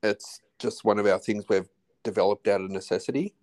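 An Australian man in his forties talks casually as a podcast guest. His voice sits low, and he circles his points with restarts and trailing half-phrases. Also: steady tone, fairly quick, darkish tone. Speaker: podcast guest, husband of host. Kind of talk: casual chat.

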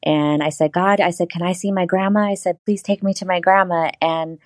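A woman's voice: fairly low pitch, steady tone, brisk, no echo. A woman guest telling a personal story in casual interview talk, acting out the voices she quotes.

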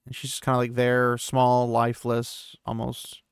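A young podcast host casually recaps a book chapter, reading quotes aloud and paraphrasing characters with "he's like," then correcting himself and laughing at his slips. His medium-pitched voice is completely flat, unhurried, clear and resonant. The studio-quality recording has no echo.

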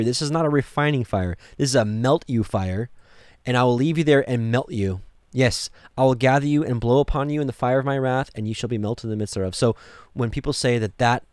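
A man's voice: mid-range voice, a little mellow, no room sound, clean studio sound. A man teaching from the Bible, reading verses aloud with rising emphasis and adding pointed asides. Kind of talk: scripture reading and commentary.

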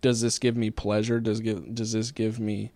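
Podcast host guy, thinks out loud with ums, dry close mic. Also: on the low side, completely flat delivery, moderate pace, dry recording. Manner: thoughtful, hesitant. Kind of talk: casual chat.

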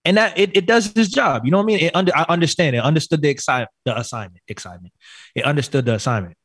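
A man's voice: on the high side, expressive, racing, fairly bright tone, husky, no echo. Laid-back man in a dry, close-miked chat. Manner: laid-back, teasing, laughs often. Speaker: podcast co-host. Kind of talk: casual chat.

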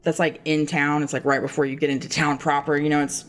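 A woman's voice: low-pitched, level tone, quick pace. A woman co-hosting a podcast, telling a rambling, profane story in casual chat. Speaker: podcast co-host.

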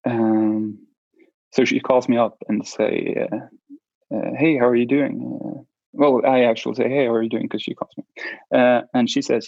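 A man in an interview telling a personal story, halting and restarting often as he speaks. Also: medium pitch, flat delivery, creaky, darkish tone, dry recording, lo-fi sound. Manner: halting, with many restarts and fillers. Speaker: interview guest.

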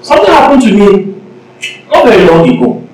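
A man preaches with a high, very animated voice that swoops up and down. He is emphatic and acts out the people he quotes. The sound comes from a distant mic in a very echoey church. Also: a little fast. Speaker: pastor. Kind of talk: sermon. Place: church sanctuary.

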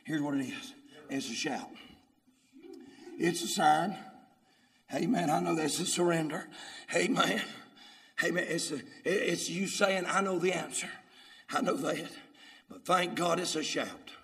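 A man preaching a sermon, in call-and-response style, swinging from murmured lines to shouted ones. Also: fairly high pitch, measured pace, vocal fry, long pauses. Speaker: pastor. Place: church sanctuary. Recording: echoey hall with faint noise.

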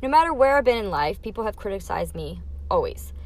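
A woman's voice: mid-range voice, big pitch swings, brisk. A young adult woman hosting her own podcast, talking candidly through a numbered list of life lessons in a casual, emphatic way. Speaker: podcast host.

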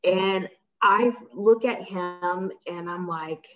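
A woman telling a personal story on a podcast in a casual, animated way, acting out quotes and laughing often. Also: on the low side, slow pace. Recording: slightly dull lo-fi sound.

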